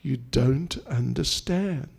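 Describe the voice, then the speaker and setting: A man voicing a devoted, tearful queen who insists softly and repeats herself. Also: mid-range voice, animated, takes it slowly, gravelly, breathy edge, exaggerated voice. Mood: tender. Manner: soft, insistent repetition. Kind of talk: acted quotes within a sermon.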